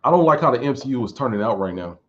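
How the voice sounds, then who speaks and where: A man's voice: mid-range voice, racing. Rambling man in his thirties, lo-fi sound. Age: 30s. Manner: relaxed, rambling, repeats words while thinking. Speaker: streamer answering viewer questions. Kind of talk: casual chat. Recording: dull lo-fi recording.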